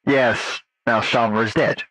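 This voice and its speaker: A man voicing a male agent who runs a post-incident interview with calm, procedural questions. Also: mid-range voice, measured pace, no echo, voice pushed down, natural voice, low-quality recording. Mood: interrogating.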